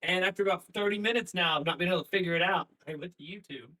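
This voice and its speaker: A man's voice: high voice, racing, sharp tone, poor audio. A man on a voice call, telling an exasperated story with plenty of swearing. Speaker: guest on voice call. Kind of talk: casual chat, venting.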